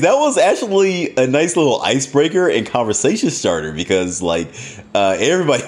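Animated, lively-voiced male storyteller. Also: medium pitch. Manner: animated, profane, laughs often. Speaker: storyteller addressing viewers. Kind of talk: casual storytelling.

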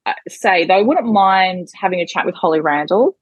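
A woman's voice: on the low side, animated, normal speed, husky, no room sound, dull audio. An Australian woman chatting casually as a podcast guest, giggly and a bit self-deprecating. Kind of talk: casual interview chat.

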